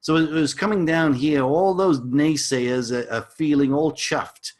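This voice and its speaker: A man's voice: on the high side, unhurried. A man teaching a crypto lesson over a chart, enthusiastic and salesy, with frequent repeated words and asides. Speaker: crypto educator.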